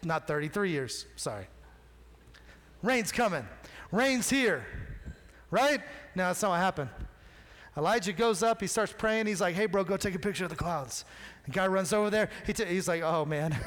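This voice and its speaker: A man preaching a sermon, telling a story with animated, casual acted-out dialogue. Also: high-pitched, normal speed. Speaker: pastor. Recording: long reverb of a large hall.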